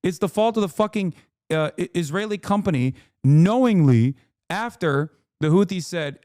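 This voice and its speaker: A man streaming live, ranting angrily and sarcastically with lots of swearing, his voice going hoarse. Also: high-pitched, lively intonation, moderate pace, darkish tone, no echo, studio quality. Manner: angry, swearing, sarcastic rants. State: losing his voice. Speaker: streamer reacting to a video. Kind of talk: heated livestream commentary.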